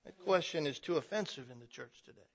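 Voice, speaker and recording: Brief: male pastor, high and bright, emphatic sermon delivery, dull lo-fi recording. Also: animated, fast, vocal fry, breathy edge. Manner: emphatic preaching, swells to loud passionate stretches.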